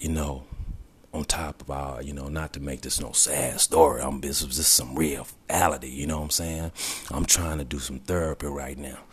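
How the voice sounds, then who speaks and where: A man with an extremely deep, husky voice speaks in a personal video diary. He is emotional and holding back tears, reflective, and often sinks into a breathy whisper. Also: fairly bright tone. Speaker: vlogger.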